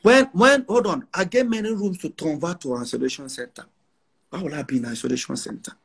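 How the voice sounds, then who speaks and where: A man's voice: on the high side, fast, creaky, fairly bright tone, husky. A brash, defiant man with a Nigerian accent, talking boastfully in an interview and repeating phrases for emphasis. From northern Nigeria.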